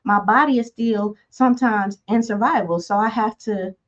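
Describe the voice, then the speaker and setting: A woman in her forties leads a motivational self-help talk in a soft, gentle tone. She speaks conversationally, wandering into asides and fillers as she goes. The audio is a little dull and lo-fi. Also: medium pitch, normal speed. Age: 40s. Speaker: self-help podcast host.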